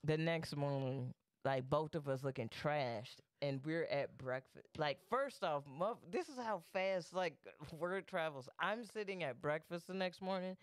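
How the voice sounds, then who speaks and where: A man's voice: fairly high pitch, a little slow, few pauses, clean tone, no room sound, clean studio sound. A young man co-hosting a podcast, telling a story animatedly, swearing freely and acting out what people said. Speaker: podcast co-host. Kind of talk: casual storytelling chat.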